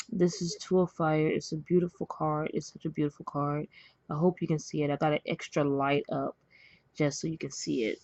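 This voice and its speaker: A woman with a low voice runs a relaxed tarot reading at home. She talks in a chatty, rambling way, full of fillers and small apologies. The sound is dry and a little dull, as if from a home camera mic. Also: no echo. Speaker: tarot reader. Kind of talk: casual spoken tarot reading. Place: indoors at a table with cards. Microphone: camera mic, face not shown.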